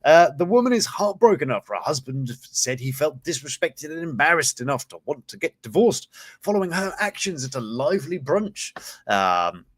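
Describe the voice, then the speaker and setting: A man's voice: on the high side, big pitch swings, moderate pace, no echo, studio quality. A man hosting a casual live-streamed news show, reading stories aloud with cheeky, sweary asides and frequent chuckles. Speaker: host of a news and reviews show.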